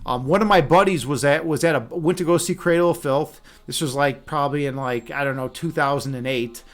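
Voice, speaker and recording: A young man talking loosely on a live stream, telling stories and answering chat with lots of ums and restarts. His voice sits a little on the high side for a man. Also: brisk. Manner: rambling storyteller with many fillers and restarts.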